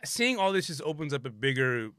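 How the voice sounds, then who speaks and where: A man's voice: a little high, very animated, fairly quick, sharp tone. A young man hosting a casual podcast chat, laid-back, reading tweets aloud. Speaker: podcast host.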